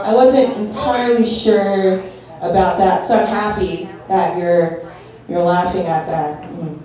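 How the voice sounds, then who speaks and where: A woman's voice: lowish voice, steady tone, measured pace, mellow. A young woman doing a stand-up set, nervous and self-deprecating, laughing between jokes. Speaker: stand-up comedian. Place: comedy venue with a live audience. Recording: echoey room from far off, audience noise.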